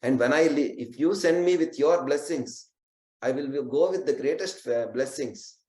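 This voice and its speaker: A man's voice: mid-range voice, moderate pace, mellow, close to an everyday voice. Male storyteller doing selfless young daughter, earnest, a bit raised, roomy echo.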